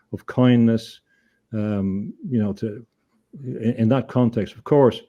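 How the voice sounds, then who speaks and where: A man speaks as an interview guest in a low, mellow voice. He tells his story earnestly, stumbling and repeating words as he gathers his thoughts. The audio is dull and lo-fi. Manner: earnest, hesitant, repeats words while thinking. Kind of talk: conversational storytelling.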